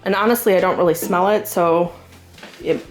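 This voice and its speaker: A grocery haul vlog features a woman in her thirties with a Southern US accent who chats casually and rambles, using many fillers. Her lowish voice holds a steady tone at a moderate pace, with faint music behind.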